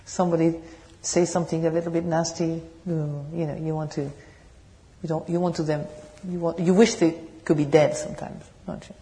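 A woman with a French accent tinged with British English, giving a meditation talk and answering questions in a gentle, searching way. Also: low-pitched, level tone, normal speed, hardly any pauses. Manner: gentle, searching, laughs softly, asks the audience questions. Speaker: meditation teacher. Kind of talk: dharma talk with Q&A. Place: meditation hall.

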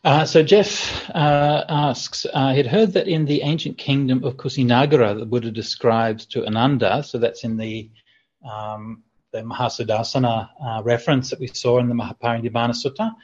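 Husky-voiced monk teaching over a call. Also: male voice, medium pitch, moderate pace. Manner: relaxed, chatty, with fillers and light humor. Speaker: Buddhist monk teaching a sutta class. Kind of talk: online teaching Q&A. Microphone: video call. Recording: dull lo-fi video call audio.

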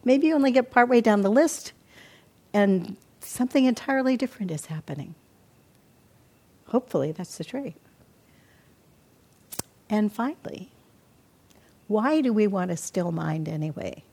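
An older woman teaching meditation in a calm, reflective dharma talk, often acting out her own inner self-talk. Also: medium pitch, moderate pace, pauses often, husky. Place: meditation hall.

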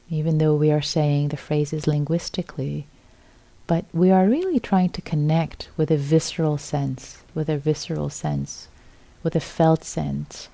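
A middle-aged woman giving a gentle, repetitive dharma talk as a meditation teacher at a retreat center. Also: deep voice, fairly even intonation, a little slow, gravelly, dry recording.

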